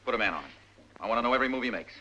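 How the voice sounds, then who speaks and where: A middle-aged actor playing a tough, stubborn police captain who presses hard and talks forcefully. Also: male voice, mid-range voice, animated, muffled recording, a little hiss or hum. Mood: interrogating. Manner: forceful, pressing, rapid interrogator.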